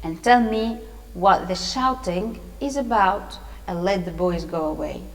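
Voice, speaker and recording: A woman voicing a cruel young male criminal who talks in a gruff, taunting way in a storybook lesson. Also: medium pitch, unhurried, voice pushed down, lightly acted. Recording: long hall reverb.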